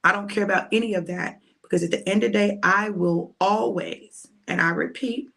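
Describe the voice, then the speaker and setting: A woman minister preaching informally to her online audience, with a bright, ringing tone. She drives each point home through emphatic repetition and everyday, colloquial phrasing. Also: medium pitch, normal speed, few pauses. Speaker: minister giving a prophetic message.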